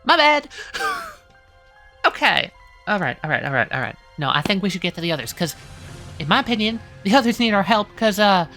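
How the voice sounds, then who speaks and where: A woman playing in a tabletop game, talking casually and quickly, laughing and swearing now and then. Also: mid-range voice, big pitch swings, pushed and bright, faint music behind. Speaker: player.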